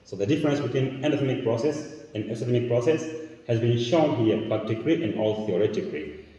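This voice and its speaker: A man's voice: medium pitch, animated, quick pace, mellow, highs cut off. A man with a Tanzanian accent, explaining a chemistry lesson step by step as he demonstrates experiments. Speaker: chemistry teacher. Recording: echoey room, mic far off.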